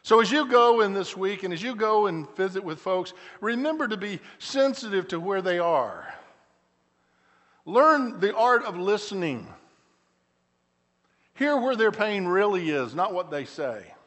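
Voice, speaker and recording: A middle-aged man, a pastor preaching a sermon, telling stories with frequent restarts and shifting between loud emphatic lines and quiet, slow asides. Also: high voice, animated. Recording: church hall with long reverb.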